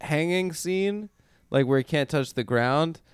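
A man's voice: a little high, animated, a little slow, clean tone, no room sound. A man co-hosting a comedy podcast in casual banter, telling long rambling stories and getting defensive when teased. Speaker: podcast co-host.

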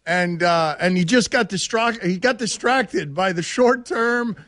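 A man's voice: high-pitched, a little slow, a bit bright, no echo. A man hosting a studio talk show, teasing co-hosts and laughing often in casual chat. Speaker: show host.

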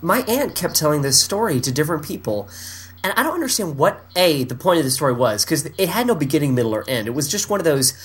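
A man's voice: a little high, fast talker. A man hosting a casual chat, telling stories with exasperated asides. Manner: animated storytelling with exasperated asides.

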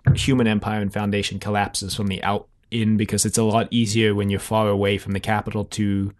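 A man's voice: fairly low pitch, level tone, fairly quick. A man co-hosting a podcast, talking casually and thinking aloud with many fillers and restarts. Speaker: podcast co-host.

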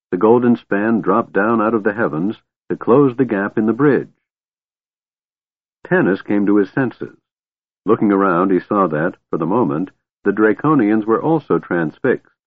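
Male audiobook narrator, low voice, steady and measured, thin phone-like audio. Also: breathy edge, no echo. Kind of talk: scripted fantasy narration. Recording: tinny phone-like, dry.

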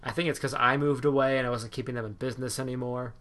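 A man hosting a podcast in casual chat, upbeat and quick to laugh. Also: mid-range voice, fairly even intonation, fairly bright tone. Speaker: podcast host.

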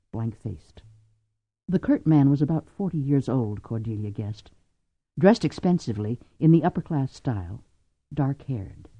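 Guy reading an audiobook, lively up and down voice, dry dull sound. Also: fairly high pitch, no echo. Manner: expressive, varied reading. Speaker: audiobook narrator. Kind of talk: scripted narration.

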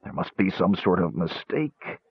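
A man voicing a frightened, ashamed warrior who mumbles bleakly and slowly, on a tinny narrow-band recording. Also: deep voice, animated, slightly rough, no echo, heavily acted.

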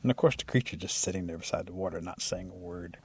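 A man telling a traditional animal folk tale in a lively, animated way. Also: sits low, quick pace, slightly rough. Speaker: storyteller. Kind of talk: oral storytelling.

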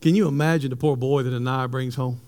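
A male pastor, preaching a sermon with animated, humorous stories for his congregation. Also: mid-range voice, fast. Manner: animated storytelling, jokes with the congregation.

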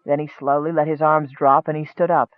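High-voiced man reading a fantasy story. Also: little pitch movement, brisk, dry recording, phone-quality sound. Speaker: narrator. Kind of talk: audiobook fantasy narration.

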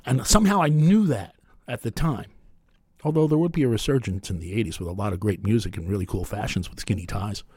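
A man in his fifties telling a rambling, deadpan personal story with wry humor. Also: lowish voice, fast talker, slightly rough, dry recording, studio quality.

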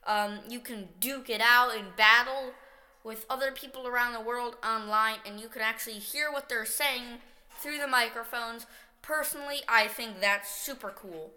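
A woman's voice: on the high side, normal speed, pushed and bright. A woman hosting a casual video, chatty and upbeat as she ranks favorite games. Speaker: video host. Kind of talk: casual game-ranking vlog. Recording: echoey room with long reverb.

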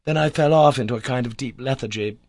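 Male narrator, mid-pitched voice, dry close recording, measured storytelling. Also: darkish tone, dry recording. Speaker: audiobook narrator. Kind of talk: scripted narration.

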